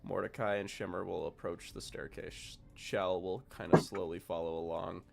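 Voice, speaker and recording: A man's voice: sits low, little pitch movement, moderate pace, vocal fry, a little mellow. A man narrating as game master of a tabletop game, rambling and hesitant.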